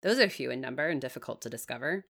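A woman reading aloud as a troubled young woman who pleads softly and earnestly. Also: a bass voice, lively intonation, quick pace, gravelly, heavily acted.

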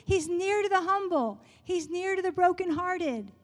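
A woman telling a personal faith story in a church talk, earnest and quick to laugh, dropping to a hushed voice when she prays. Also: extremely high pitch, expressive, big-room sound. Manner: earnest, laughs often, drops to a soft hush in prayer. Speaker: speaker sharing a testimony.

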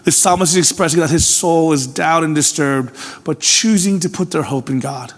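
A male pastor preaching a sermon, earnest and personal, swinging from emphatic calls to hushed, tender appeals. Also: on the high side, moderate pace. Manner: earnest, swings from emphatic to hushed, repeats "can I tell you". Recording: long reverb of a large hall.

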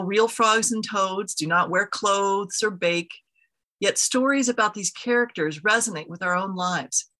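Bright, husky woman reading a story. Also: medium pitch. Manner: gentle, storytelling. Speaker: interim leader of an ethical society. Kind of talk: reading a children's story aloud.

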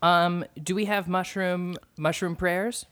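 A podcast host with a deadpan, whimsical manner, chatting casually. The voice sits at mid pitch, relaxed and steady. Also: takes it slowly, clean tone. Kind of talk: casual chat.

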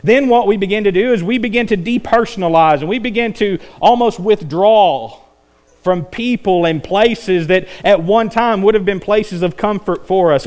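A man preaching a sermon, climbing to intense peaks and then dropping low and quiet. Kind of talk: evening sermon.

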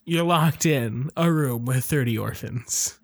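A male podcast co-host bantering playfully with quick laughs. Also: medium pitch, dry recording.

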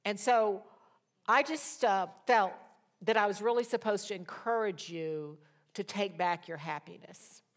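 A middle-aged woman leads a Bible study and shares her own story in an animated, quick-talking way. Her voice climbs high when she relives the most emotional moments, then drops low again as she makes her point. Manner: fast-talking. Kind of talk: personal testimony sermon.

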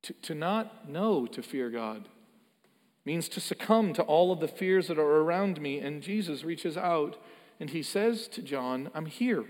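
A man's voice: a little high, expressive, normal speed. A man preaching a sermon, earnest and emphatic, often repeating words as he builds a point. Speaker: pastor. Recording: long hall reverb.

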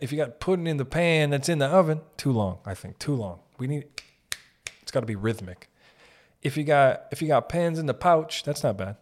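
A man with a non-American English accent hosting a podcast, rambling and swearing in loose, animated casual chat. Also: medium pitch. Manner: rambling, profane, animated riffing. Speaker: podcast host.

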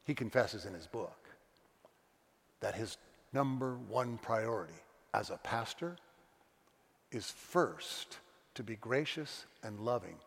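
A middle-aged pastor preaching a sermon, earnest and confessional, telling stories with voiced quotes. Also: male voice, on the low side, lively intonation, slow pace, vocal fry, pauses often, breathy edge. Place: church sanctuary. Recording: long church reverb.

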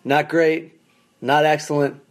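Male stand-up comic telling road stories solo, fairly high voice, wry and profane, animated. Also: takes it slowly. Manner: animated, acts out quoted people in raised voices. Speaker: stand-up comedian, podcast host. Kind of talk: casual storytelling monologue. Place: basement of a condo.

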